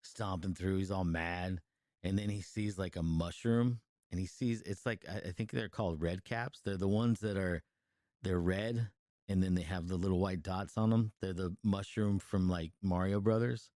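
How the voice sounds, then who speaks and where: A man's voice: sits low, fairly even intonation, moderate pace, mellow, no room sound, clean studio sound. A man co-hosting a podcast, casually retelling a movie scene by scene in a rambling, profane way, full of fillers and restarts. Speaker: podcast co-host reviewing a movie. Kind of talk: casual chat, retelling a film.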